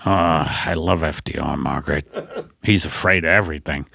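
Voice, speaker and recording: A man's voice: normal speed, creaky, exaggerated voice. A man voicing a weary, grumbling older husband in a comedy bit. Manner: low, flat grumble.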